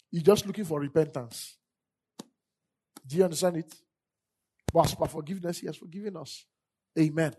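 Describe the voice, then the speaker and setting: A woman's voice: sits low, normal speed, pauses often, background noise. A woman preaching a sermon, leading call-and-response and repeating scripture lines for the congregation to echo.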